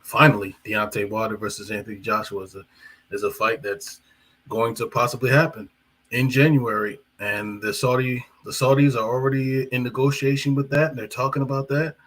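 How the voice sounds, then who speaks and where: A man's voice: mid-range voice, level tone, a little fast, a bit bright, poor audio. A man hosting a live boxing talk stream, chatting in a rambling way with fillers and self-corrections. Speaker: boxing commentator and channel host. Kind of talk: casual live-stream commentary.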